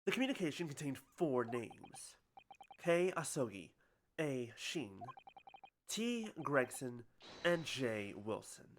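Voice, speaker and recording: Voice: mid-range voice, very animated, slow pace, slight background noise, voice pushed down. A streamer voicing an earnest young male defense lawyer, with emphatic, indignant outbursts, while reading a game's dialogue. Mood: determined. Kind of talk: voicing game characters on a livestream.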